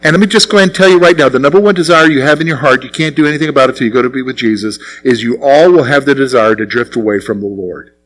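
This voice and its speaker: A middle-aged man preaching a sermon as pastor, asking the congregation questions and answering them himself, with sudden drops to quiet asides. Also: very fast, rough recording. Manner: swings between raised, punchy lines and low, quiet asides.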